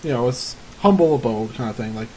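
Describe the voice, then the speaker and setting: A man's voice: mid-range voice, a little fast, darkish tone, slight background noise, rough recording. Hesitant man narrating as game master. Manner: hesitant, many fillers.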